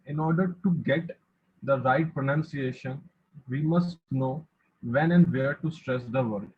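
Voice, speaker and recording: A man student reading a prepared presentation aloud in measured, list-like steps. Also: mid-range voice, a little hiss or hum. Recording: tinny phone-like line.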